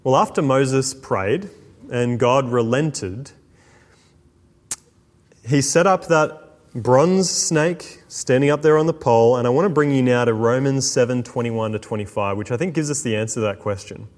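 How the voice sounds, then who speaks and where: Man preaching in a reverberant hall. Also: mid-range voice. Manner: dramatic shifts between slow, hushed emphasis and quick asides. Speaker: pastor. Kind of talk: sermon.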